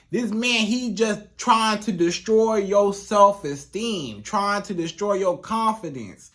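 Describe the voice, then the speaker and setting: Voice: mid-range voice, expressive, slow, hardly any pauses, a bit bright. A relationship coach giving casual, emphatic advice straight to the viewer, repeating points for stress. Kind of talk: casual advice monologue to camera.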